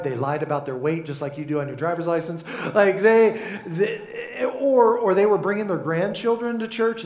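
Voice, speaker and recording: A man's voice: fairly high pitch, echoey room. A man preaching a humorous sermon in a church, joking and mimicking voices as he talks. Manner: jokey, animated, mimics voices, frequent laughs. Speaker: pastor.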